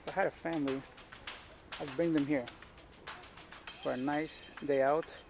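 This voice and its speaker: A man's voice: a little high, steady tone, normal speed, gravelly. A young man, chatting casually to viewers as he walks the streets on a handheld camera vlog. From Canada. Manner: chatty, talks straight to viewers and to stray dogs. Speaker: travel vlogger. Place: outdoors on old city streets. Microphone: handheld camera while walking. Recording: outdoor street noise.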